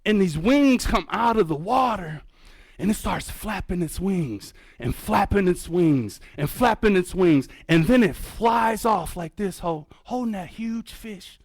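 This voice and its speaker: A man with a strikingly high, bouncing voice tells a story to a live audience, swinging from hushed asides to excited outbursts. He calls the crowd folks and acts out his own past reactions. The sound is close and dry. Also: measured pace, gravelly, no room sound. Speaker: keynote speaker and birder. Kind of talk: animated storytelling talk. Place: museum event hall.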